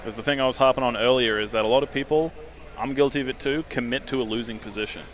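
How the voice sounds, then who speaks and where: A man from Australia with an Australian accent, giving casual sports commentary and calmly explaining technique. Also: medium pitch, fast talker. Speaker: guest commentator, sumo wrestler.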